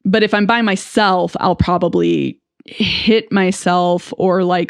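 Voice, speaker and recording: A woman's voice: mid-range voice, no room sound, clean studio sound. A woman hosting a podcast as a speech-language pathologist, speaking frankly and reflectively in a candid first-person monologue, with bursts of nervous laughter.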